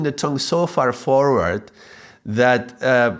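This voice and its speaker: A mantra teacher whose first language is Spanish explains a lesson in a somewhat low voice. He speaks haltingly, repeating and restarting words and checking in with a quick "yeah?" along the way.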